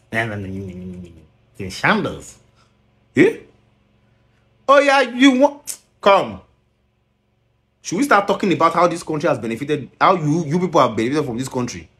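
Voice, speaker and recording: A man with a Nigerian accent scolding in a commentary video, mixing Pidgin and English and firing rhetorical questions. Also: a little high.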